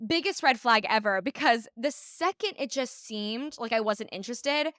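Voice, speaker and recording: Lively bright-voiced young woman co-host. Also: on the high side, normal speed, no echo, studio quality. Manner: animated, dramatic storytelling. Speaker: podcast co-host. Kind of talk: casual chat.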